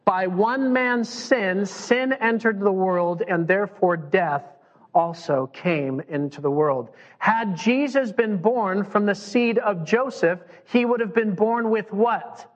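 A high-pitched man preaching a lively sermon, slipping into the voices of the people he quotes. His voice rings out with a long reverb through a church sanctuary. The sound is dull and muffled. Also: takes it slowly. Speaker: pastor.

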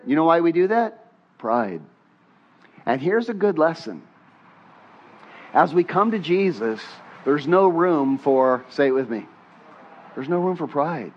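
A male pastor preaches in a conversational way and has his congregation repeat lines after him. His voice sits a little high, jumps up on questions and falls quiet when he prays. The recording sounds muffled and dull. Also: moderate pace, long pauses. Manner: animated, rising on questions, drops soft on prayers. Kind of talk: sermon.

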